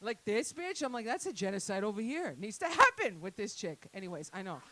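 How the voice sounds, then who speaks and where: A woman's voice: medium pitch, sing-song, a little fast, pushed and bright, low-quality recording. A woman doing a crude, rambling stand-up set with lots of asides to the crowd. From Italian-Canadian family. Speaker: stand-up comedian. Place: comedy night venue.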